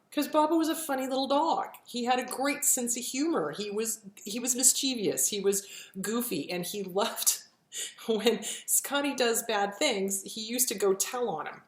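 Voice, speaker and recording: A woman's voice: mid-range voice, reverberant. A woman giving earnest, reassuring advice in a casual, heartfelt way, repeating phrases for emphasis. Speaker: pet grief speaker.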